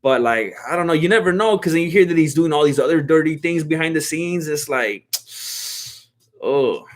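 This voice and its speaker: A man's voice: fairly high pitch, expressive, moderate pace. Laid-back man chatting on a livestream. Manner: laid-back and slangy, reads chat questions aloud and laughs often. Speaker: fight watch-along streamer. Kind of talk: casual livestream chat.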